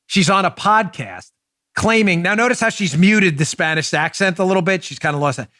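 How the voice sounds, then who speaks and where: A man hosting a political talk show, delivering animated, mocking commentary with big swings in his voice. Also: high voice, fairly quick, dry recording, studio quality. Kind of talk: opinionated commentary.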